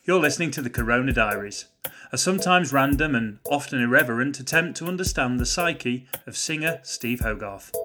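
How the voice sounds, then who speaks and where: Male host, mid-pitch, friendly interviewer keeping the chat on track. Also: animated, fairly quick, very noisy. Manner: friendly, leading the conversation with questions. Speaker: podcast host. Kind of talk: podcast interview.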